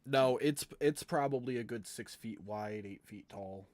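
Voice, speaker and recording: A man narrating a tabletop game as game master, relaxed and casual, over an online call. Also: mid-range voice, unhurried.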